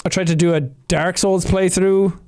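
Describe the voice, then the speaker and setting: An Irish man reacting to his own old gaming videos in casual commentary, animated with loud playful outbursts. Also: sits high, moderate pace.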